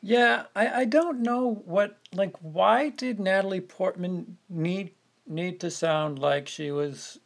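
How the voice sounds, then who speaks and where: Guy on a movie podcast, kinda gravelly, keeps tripping over his words. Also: high voice. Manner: halting, repeats words while searching for phrasing. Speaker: podcast co-host. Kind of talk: casual film discussion.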